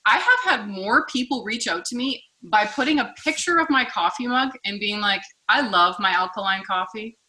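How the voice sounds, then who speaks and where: A woman team leader chatting through examples in a casual training talk, enthusiastic and quick. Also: on the high side, bright, forceful tone, rough recording.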